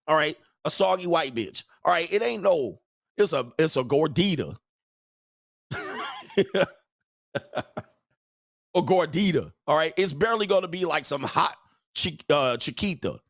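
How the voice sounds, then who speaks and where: A man's voice: fairly high pitch, vocal fry, fairly bright tone, no echo, clean studio sound. A man hosting a show, delivering a crude, mocking livestream rant and laughing often. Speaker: show host.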